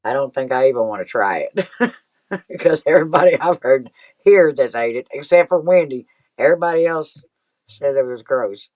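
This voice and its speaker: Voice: medium pitch, animated, normal speed, no echo. A co-host on a casual live stream who chimes in with short remarks and laughs often. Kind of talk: casual chat. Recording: muffled lo-fi remote audio.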